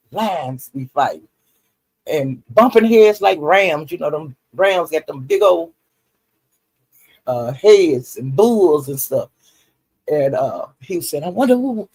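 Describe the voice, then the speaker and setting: A man's voice: on the high side, darkish tone, husky. A man, recapping online drama in a rambling, folksy way full of fillers. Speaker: YouTube commentary host.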